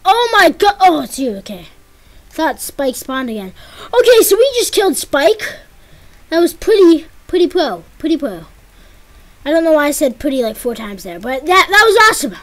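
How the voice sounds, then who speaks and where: A woman giving casual let's-play commentary as she plays, excitable and yelping and pleading whenever danger strikes. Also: high voice, moderate pace. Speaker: gameplay commentator.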